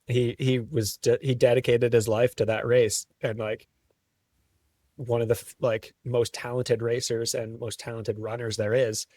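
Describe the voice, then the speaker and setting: A man's voice: medium pitch, flat delivery, a little slow, a little mellow, dry recording, studio quality, recorded from a distance. A man talking as a podcast guest, telling stories in an easygoing way and laughing often. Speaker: guest, trail runner. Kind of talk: casual interview chat.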